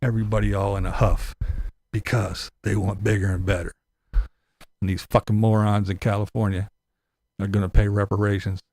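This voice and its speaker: A man's voice: lowish voice, flat delivery, normal speed, darkish tone, no echo. Laughing, profane ranting man. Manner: profane, laughs often, sarcastic. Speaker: vlog commentator. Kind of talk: ranting commentary.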